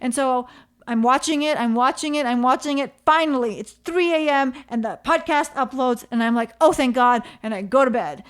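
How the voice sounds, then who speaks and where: A woman hosting her own podcast, telling a personal story in an animated way and repeating phrases for emphasis. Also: high voice, normal speed. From Canada. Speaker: podcast host. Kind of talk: solo podcast monologue.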